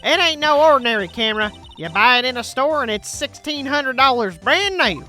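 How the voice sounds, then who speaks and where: A woman voicing a loud, pushy young woman photographer who shouts accusations, with faint game music behind. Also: medium pitch, very animated, normal speed. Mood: brash.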